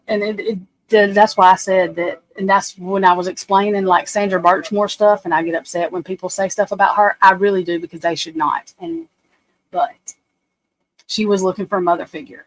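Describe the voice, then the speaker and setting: A woman's voice: lowish voice, steady tone, brisk, low-quality recording. A woman, hosting a livestream and telling rambling, blunt, profane stories as she talks to her viewers. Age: 40s. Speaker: livestream host. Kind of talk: casual chat on a livestream.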